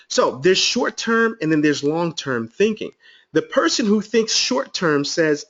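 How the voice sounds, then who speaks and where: A man presenting a sales webinar, telling his story with excitement and calling listeners "guys.". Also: sits high, normal speed, husky, muffled recording.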